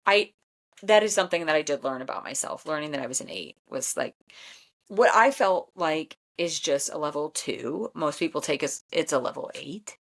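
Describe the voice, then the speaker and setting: A woman in her thirties hosts a podcast, telling stories in a casual chat. She speaks bluntly and with animation, laughing often. Her voice sits somewhat low for a woman. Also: moderate pace, gravelly, fairly bright tone. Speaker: podcast host and Enneagram coach.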